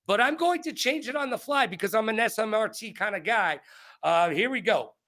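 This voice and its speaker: A man in his forties hosts an interview in casual chat, joking around with animated energy and playful asides. His voice is high-pitched and brisk.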